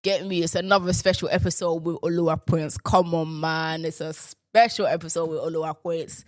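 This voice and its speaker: A woman host, chatting playfully in a deliberately lowered voice, riffing on words and swearing now and then. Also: no echo, clean studio sound. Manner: playful, riffing, with bursts of profanity; deliberately lowered voice while in a male persona. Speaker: podcast host. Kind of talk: casual solo commentary.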